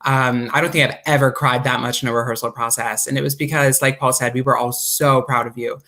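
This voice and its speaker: A man's voice: medium pitch, fairly quick. A man, a cast member, earnestly recalling rehearsals in a casual group chat. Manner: earnest, quotes others in animated voices.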